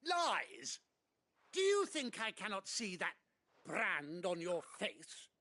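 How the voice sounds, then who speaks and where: Game nobleman: pompous, cruel, lively high voice. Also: takes it slowly, heavily acted. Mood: furious. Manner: pompous, indignant, theatrical. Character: haughty cruel nobleman, adult man, arrogant. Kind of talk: video game voice acting.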